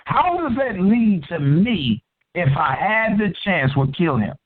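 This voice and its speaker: A man's voice: high voice, big pitch swings, takes it slowly. A man hosting a call-in show, confrontational and profane, grilling a caller. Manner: profane, combative, interrogating. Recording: tinny phone-line audio.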